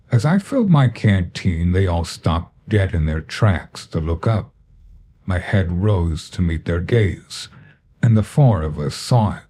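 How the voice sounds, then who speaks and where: A man narrating a first-person horror story in a deadpan, measured way. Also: low-pitched, breathy edge.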